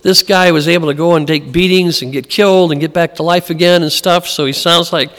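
A man's voice: a little high, fairly even intonation, a little fast, a bit bright. A man preaching a sermon as pastor, in a conversational style that acts out the voices he quotes. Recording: long hall reverb.

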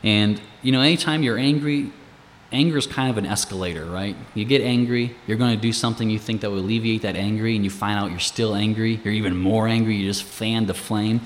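A man with a fairly low voice walks through scripture in a relaxed, conversational way, posing rhetorical questions as he explains. His voice rings with a long hall reverb. A faint ambient hum sits underneath. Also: fairly quick. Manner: casual and explanatory, asks rhetorical questions, chuckles between points. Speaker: Bible teacher. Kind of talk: conversational Bible teaching.

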